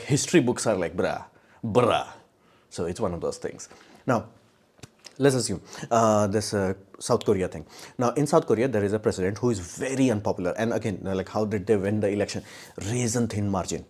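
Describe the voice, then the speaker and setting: A man's voice: on the low side, a little mellow, breathy edge. A man giving casual live-stream commentary in a blunt, sarcastic way, rambling with many restarts. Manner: blunt, sarcastic, mocks views in put-on quotes.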